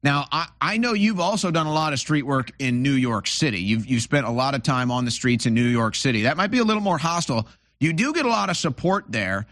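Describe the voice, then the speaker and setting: An opinionated man hosting a casual interview, rambling through his points and restarting his sentences often. His voice is mid-pitched and sounds dry and close to the mic. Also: animated, fairly quick, a bit bright, dry recording. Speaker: host.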